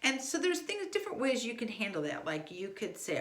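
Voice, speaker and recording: Woman, lowish voice, casual parenting lesson, filler-heavy, echoey room. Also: expressive, fairly quick, hardly any pauses, slight background noise. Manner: conversational, frequent fillers and restarts. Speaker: homeschool teaching parent. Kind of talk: casual instructional talk.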